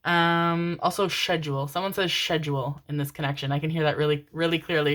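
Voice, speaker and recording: A woman with a low voice gives a channeled tarot reading. She talks affectionately to her listeners and swears casually. Between messages she murmurs strings of repeated syllables. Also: moderate pace, sharp tone. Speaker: tarot reader.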